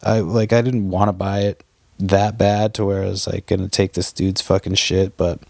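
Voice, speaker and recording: Profane rambling podcast host. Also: male voice, deep voice, moderate pace, vocal fry. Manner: profane, animated storytelling with quoted back-and-forth. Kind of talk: casual rambling monologue.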